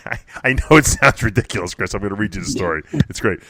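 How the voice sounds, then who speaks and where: A man hosting a radio talk show, telling animated stories and laughing as he chats. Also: fairly low pitch, brisk, no room sound. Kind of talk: casual chat.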